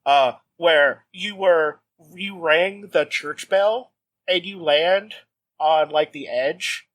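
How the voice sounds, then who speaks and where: A podcast co-host chats casually, rambling and leaning heavily on fillers. His voice sits fairly high and sounds fairly bright, and he speaks at a slow pace.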